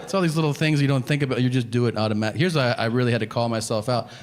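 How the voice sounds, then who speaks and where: A male stand-up comedian telling a story on stage in a self-deprecating, deadpan manner. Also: medium pitch, racing, crowd noise.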